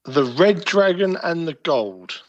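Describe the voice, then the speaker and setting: A man co-hosting a podcast in casual chat, self-mocking and quick to laugh. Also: on the high side, lively intonation, highs cut off, a crowd in the background. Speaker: podcast co-host.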